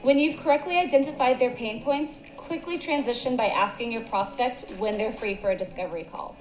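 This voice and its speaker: A woman's voice: a little high, a little fast. A woman giving polished, upbeat scripted narration for a corporate training video. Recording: echoey, with background music.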